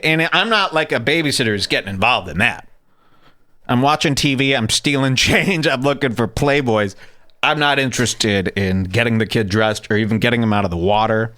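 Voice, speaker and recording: In a mid-range voice and at a moderate pace, a man spins casual stories on his podcast, with no echo around him. He's energetic and funny, and he curses often.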